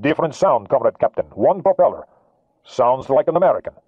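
A man voicing a young Soviet midshipman who gives crisp, dutiful sonar reports in an audiobook reading. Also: medium pitch, animated, brisk, dry recording, lo-fi sound, voice pushed up, close to an everyday voice.

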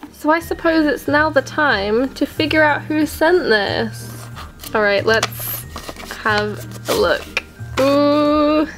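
A woman unboxes gifts in a vlog, gushing and excitable as she gasps over each one. Her voice sits high and bright. Soft music plays faintly behind her. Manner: gushing, excitable, gasping with delight. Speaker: LPS collector vlogger.

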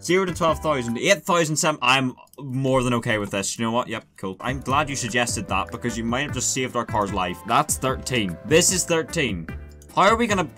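A man's voice: medium pitch, animated, moderate pace, bright, forceful tone, faint music behind. A man casually commentating a car-building game, sarcastic and swearing a lot as he mocks his own creation. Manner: sarcastic, swearing, self-mocking. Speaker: gaming YouTuber.

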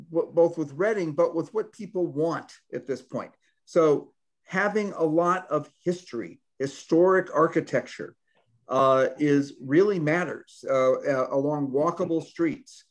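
A man answering questions on a video call, halting and correcting himself as he looks for words. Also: fairly high pitch. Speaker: planning consultant answering questions. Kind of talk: meeting discussion.

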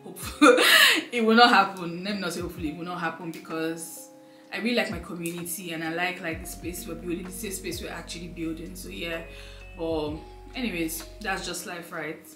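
A young woman with a fairly low voice talks through a heartfelt sit-down update, wandering through her thoughts with lots of fillers. She sounds close to tears and emotional. Her voice rings in a roomy, echoey space with faint music underneath. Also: fairly even intonation, brisk. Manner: rambling, filler-heavy, heartfelt. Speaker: lifestyle vlogger.

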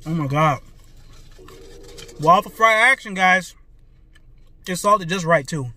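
A man eating and reviewing fast food in a parked car, talking excitedly and calling his viewers "guys" and "man". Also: sits high. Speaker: food vlogger. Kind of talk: casual food review vlog. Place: parked car, traffic passing outside. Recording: faint road noise from inside a car. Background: cars passing by.

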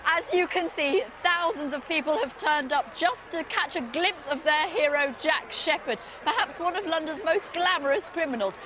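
A woman's voice: sits high, lively intonation, normal speed, few pauses, over music. A woman playing an eager female field reporter in a comedy news spoof.

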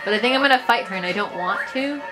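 A young woman giving casual gaming commentary, excitable and quick to swear. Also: medium pitch, loud music behind the voice, low-quality recording. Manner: excitable, swears, laughs at herself. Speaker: vlogger playing a game.

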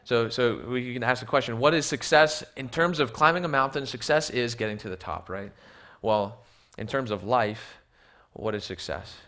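A man's voice: mid-range voice, moderate pace, hardly any pauses, pushed and bright. A man preaching a sermon in a church with slides. He often repeats words as he restarts and asks the audience rhetorical questions. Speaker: missionary preacher.

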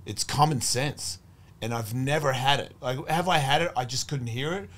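In a casual podcast chat, a middle-aged guest with a medium-pitched, slightly bright voice recounts a long story at a normal speed. He swears freely, rambles, and acts out other people's words.

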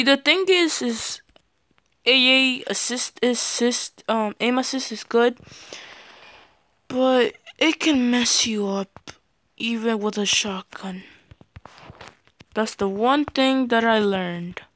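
High-voiced teen boy yelling through gameplay. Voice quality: voice cracks on loud yells. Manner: excitable, yelps and shouts at the game, hesitant fillers in the outro. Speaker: gaming channel host. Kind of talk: gameplay commentary.

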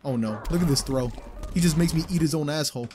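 A young man giving live commentary over a fighting game he is playing, excitable and swearing, swinging from low mutters to loud outbursts. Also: fast, music in the background. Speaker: gaming channel host.

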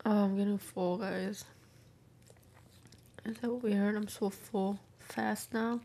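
A young woman chats casually to her viewers while eating on camera. She rambles through a story with plenty of filler words and acts out other people's lines. Her voice sits at a middle pitch. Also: fairly even intonation, slow pace, warm tone, slight background noise. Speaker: vlogger.

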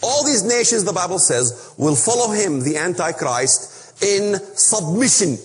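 Man, preaching a Bible lesson, emphatic rhetorical questions, high voice, echoing hall. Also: sing-song, unhurried. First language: Arabic. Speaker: speaker on biblical prophecy. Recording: long reverb of a hall.

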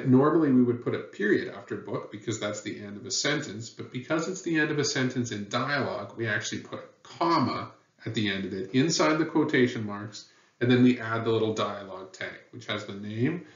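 A man's voice: medium pitch, expressive, moderate pace, a bit bright. A man teaching a lesson on writing rules, patient and plain, with many fillers. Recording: dull, roomy sound from a distant mic.

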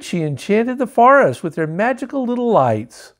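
A man reading a storybook aloud in a lively, up-and-down voice, a bit higher than most men. He drops in dry, joking asides between passages. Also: normal speed. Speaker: storybook reader. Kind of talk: reading a picture book aloud.

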